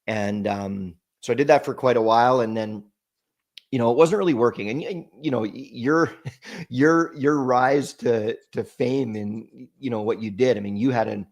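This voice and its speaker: A man, a podcast guest, telling an emotional personal story in a halting way, with frequent restarts and repeated words. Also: medium pitch.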